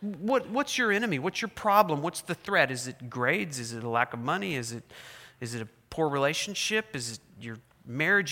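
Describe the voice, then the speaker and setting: A man preaching a sermon as pastor, swinging between quiet, low lines and loud, raised cries when voicing prayers. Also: in a large hall. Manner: preaching with dramatic voiced prayers, rising and dropping loudness.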